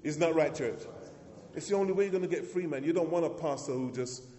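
A man's voice: fast, dark tone. A man preaching a sermon as pastor, emphatic and repetitive, pushing his voice up for emphasis. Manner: emphatic preacher, repeats words, rises in pitch for emphasis. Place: church hall. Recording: echoey hall.

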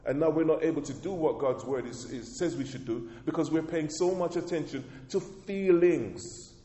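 A male pastor with a slightly higher-than-usual voice preaches to his congregation. His delivery is emphatic, and he often calls the room to answer back. He repeats and restarts phrases as he goes, and his voice rings through a reverberant church hall. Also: moderate pace, mellow. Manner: emphatic preaching with call-and-response. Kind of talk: sermon. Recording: echoey hall with long reverb.

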